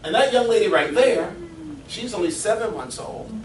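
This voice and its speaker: A middle-aged man, a fitness coach, telling personal stories in a seminar talk with animated delivery and frequent chuckles. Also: high-pitched, normal speed, soft background music. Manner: animated storyteller, chuckles often. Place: seminar room. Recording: echoey room from far off.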